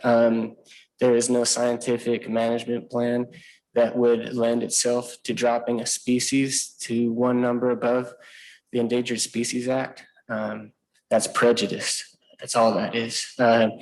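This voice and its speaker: A man's voice: medium pitch, completely flat delivery, normal speed, a little mellow, low-quality recording. A man who is a naturalist and writer giving an earnest public comment, with frequent ums and uhs.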